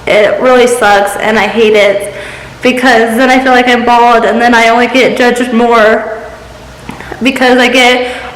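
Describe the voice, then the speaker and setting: A young woman vlogging a personal confession, talking in a halting, emotional way with many restarts. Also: a little high, flat delivery. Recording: echoey room with long reverb.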